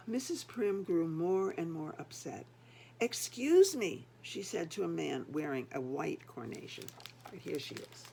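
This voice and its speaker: A woman's voice: deep voice, expressive, unhurried, gravelly, a little mellow, a little hiss or hum. An older woman, a grandmother, reading a picture book aloud and chatting to the children between pages.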